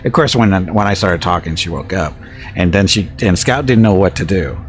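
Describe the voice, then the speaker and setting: Low-voiced man telling a rambling story. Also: expressive, normal speed, faint music behind. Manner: rambling anecdote with restarts and chuckles. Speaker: game streamer. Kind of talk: casual chat. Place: home streaming setup.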